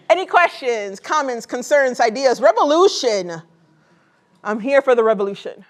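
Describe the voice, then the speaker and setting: A woman's voice: high-pitched, sing-song, takes it slowly. A woman poet reading her work aloud and then chatting with an audience in a casual, joking way, full of fillers like "like" and "um". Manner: laughs easily and jokes with the audience. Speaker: poet and author. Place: college event before a live audience.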